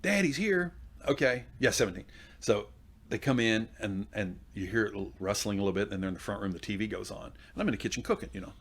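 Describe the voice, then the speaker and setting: A man's voice: on the low side, fast talker, husky. A middle-aged man and magician-comedian telling stories in casual chat, laughing through his punchlines.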